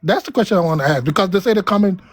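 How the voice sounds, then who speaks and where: A man's voice: high voice, lively intonation, racing, no echo. A man speaking emphatically in a live-stream debate. He repeats his points over and over. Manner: emphatic, repeats himself, pleading.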